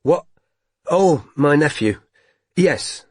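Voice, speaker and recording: A man's voice: fairly high pitch, lively intonation, drawn-out words, dry recording, clean studio sound, voice pushed up, heavily acted. A man voicing a young woman detective who is tearful and shaken, with a strained, breaking voice. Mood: subdued.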